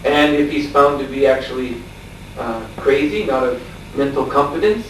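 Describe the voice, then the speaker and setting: A man telling a story in a lecture, animated and laughing, acting out the shouts of the people in it. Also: mid-range voice, normal speed. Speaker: spiritual teacher. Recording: echoey room from far off, faint background noise.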